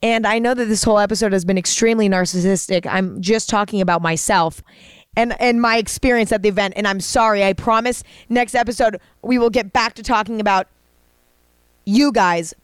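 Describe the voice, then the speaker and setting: A woman hosts a podcast alone, talking in a casual, heartfelt ramble full of "you know" and restarts. Her voice is smooth and clear, at an ordinary pitch for a woman. It is recorded close on a microphone in a dry space with no echo. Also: a little fast. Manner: earnest, rambling, many fillers and restarts. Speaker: podcast host. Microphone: studio microphone.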